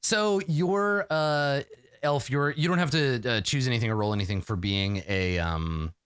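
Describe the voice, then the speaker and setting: A man running a tabletop game as game master, chatty and quick with laughing asides. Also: mid-range voice, fairly bright tone, clear, resonant tone, dry recording, clean studio sound.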